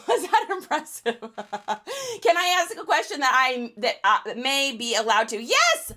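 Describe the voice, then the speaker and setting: Woman livestream host, bright higher voice, fast and chatty, laughs a lot while answering viewers. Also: animated. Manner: quick, chatty, laughs often. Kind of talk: casual livestream chat with viewer questions.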